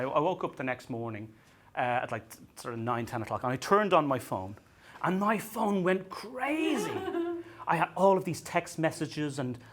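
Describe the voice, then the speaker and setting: Lively, bright-voiced stand-up man. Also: on the high side. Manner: self-deprecating, stammering restarts, acts out dialogue. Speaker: stand-up comedian. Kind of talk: stand-up comedy set. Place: comedy venue stage.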